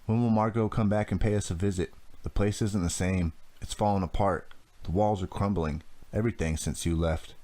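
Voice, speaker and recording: A teenage boy who talks earnestly and a little haltingly, as a man with a low voice reads him. He sounds unsure of himself. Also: fairly even intonation, dark tone, natural voice.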